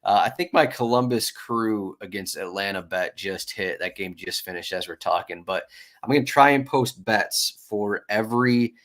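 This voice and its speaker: Casual low-voiced male podcast host. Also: normal speed. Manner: relaxed, chatty, many restarts. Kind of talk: casual chat.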